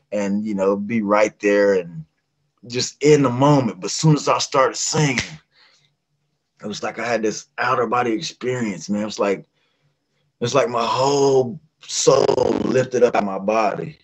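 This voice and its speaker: A middle-aged man from West Virginia, a guest singer telling a lively casual story and acting out the voices of people in it. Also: mid-range voice, low-quality recording.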